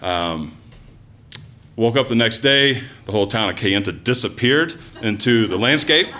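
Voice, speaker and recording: A man spinning a personal story for a live audience, his pitch swinging widely as he gets into it. His voice sits at an ordinary middle height, and he talks conversationally, full of asides, "like"s and "um"s. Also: lively intonation, a little slow, bright, forceful tone, a little hiss or hum. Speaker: storyteller, former teacher.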